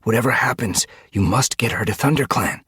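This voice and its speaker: A man's voice: medium pitch, fairly quick, fairly bright tone, slightly rough, no echo, clean studio sound, voice pushed up. A man voicing an anxious young tomcat warrior. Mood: urgent. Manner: earnest, worried delivery. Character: young male warrior cat, anxious and guilty.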